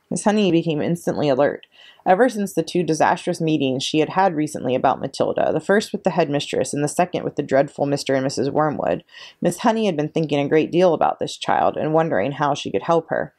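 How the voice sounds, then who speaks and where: Woman reading a bedtime chapter book, low voice, lively and expressive. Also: quick pace. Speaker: children's librarian reading aloud. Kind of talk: children's story read-aloud.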